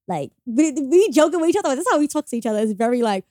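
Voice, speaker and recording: A young woman telling a personal story as a podcast guest, animated, swearing freely and acting out the quotes. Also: high voice, fast, no room sound, studio quality. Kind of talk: casual storytelling.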